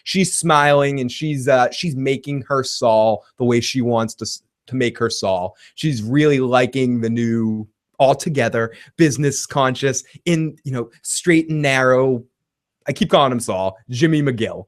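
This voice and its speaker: A man's voice: medium pitch, a little slow. A man giving a casual, rambling TV episode recap, swearing freely and chuckling as he goes. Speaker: TV show reviewer.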